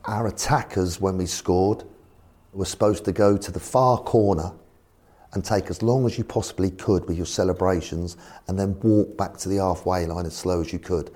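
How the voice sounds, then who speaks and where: A former football manager telling anecdotes in an animated way and acting out voices. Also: male voice, low voice, moderate pace. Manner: animated, acts out voices in his stories. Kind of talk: anecdotal storytelling.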